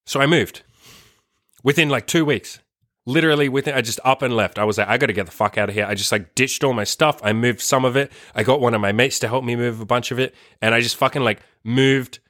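A man's voice: medium pitch, a little fast, fairly bright tone, dry recording, clean studio sound. A young man telling a long personal story in a casual, profane, emphatic way, full of "like". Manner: profane, emphatic, heavy use of "like". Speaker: storyteller host.

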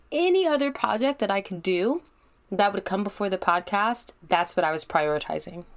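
A woman hosting her own podcast, talking candidly and directly to the listener in a chatty way. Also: medium pitch. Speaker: podcast host. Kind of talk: solo podcast monologue.

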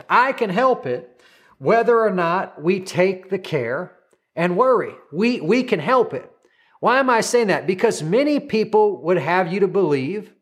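A male pastor preaching a sermon, urging listeners on with repeated "come on" and having them say lines back to him. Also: high-pitched.

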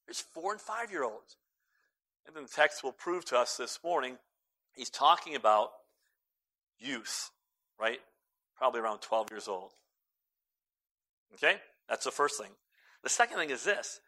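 A man preaching a sermon as pastor, jumping between loud emphatic lines and quiet hushed asides, with a few jokes. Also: fairly high pitch.

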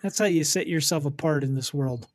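A man co-hosting a podcast in casual chat, deadpan and teasing. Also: a little high, no echo, studio quality. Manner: deadpan, drawls names slowly. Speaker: podcast co-host.

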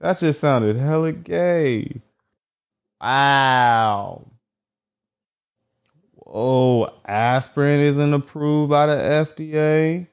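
A man talking alone in casual commentary, reading search results aloud haltingly and joking with lots of swearing. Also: on the high side, a little mellow, clear, resonant tone. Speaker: vlogger.

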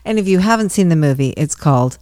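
A middle-aged woman with a low, very animated voice, teasing in casual chat. She reads prompts aloud and reacts freely. The sound is close and dry. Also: fast, no echo. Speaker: mother and host.

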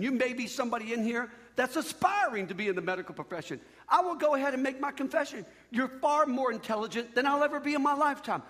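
A man doing stand-up comedy, telling a story in an animated way and yelping up high on his punchlines. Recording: long hall reverb.

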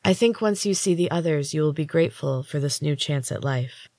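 A woman reading aloud, voicing a calm young woman who speaks evenly and reassuringly. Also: low-pitched, brisk, no echo. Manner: even and reassuring. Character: calm, steady young woman, protective guide.

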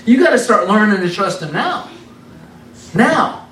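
A man preaching an informal, animated sermon in a conversational way, repeating words for emphasis. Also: sits high, measured pace, far from the mic, slight background noise. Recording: roomy sound from off the mic.

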